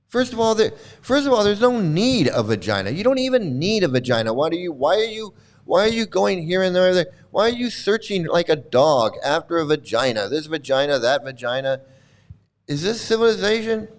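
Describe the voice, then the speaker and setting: Male livestream host, slightly high and clear-toned, with indignant, repetitive ranting. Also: sing-song, brisk. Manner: indignant, heated, repeats himself. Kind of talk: ranting commentary to a live chat.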